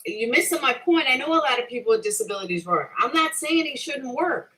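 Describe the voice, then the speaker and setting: A middle-aged woman hosting a livestream rants combatively at her chat, swearing heavily, defending herself and repeating her point in a heated, casual way. Her voice is high, pushed and bright, with lively intonation and a brisk pace, and the audio is poor.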